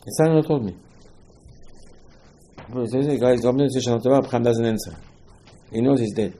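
A man with giving an informal Torah lecture, rising to emphatic questions and dropping low again. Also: normal speed, dark tone, slight background noise, low-quality recording. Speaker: rabbi giving a talk.

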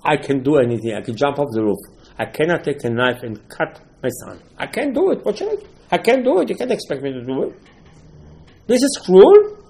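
A man voicing an older biblical patriarch, pleading in a high, strained, anguished voice. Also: sing-song, fast, gravelly, a little mellow.

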